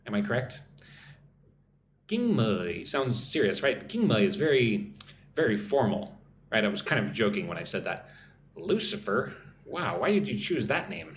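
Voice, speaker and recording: Guy running an english lesson live, lively up-and-down voice, echoey room with a bit of hum, reads out chat comments. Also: medium pitch. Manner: chatty, reads viewer comments aloud and greets them in their languages; explains slang slowly with example sentences. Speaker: English teacher. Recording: roomy echo with faint background hum.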